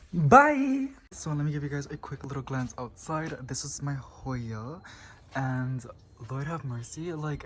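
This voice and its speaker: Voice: mid-range voice, a little hiss or hum. A houseplant channel host giving a casual tour of their living room plants, gushing with frequent exclamations, filmed at home on a handheld camera.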